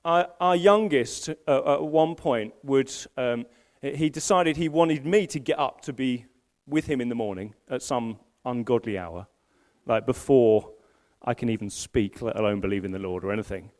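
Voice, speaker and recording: A middle-aged man serving as senior pastor preaches live in a school hall during a church service. He tells stories, pokes fun at himself, and restarts often. His mid-range, darkish voice moves at a moderate pace with few pauses.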